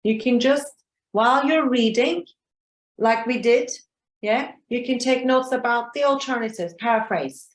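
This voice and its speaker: A woman's voice: a little high, unhurried. A woman exam trainer teaching a live online class over a video call, patient and often checking in with "okay?" and "yeah?". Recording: roomy echo.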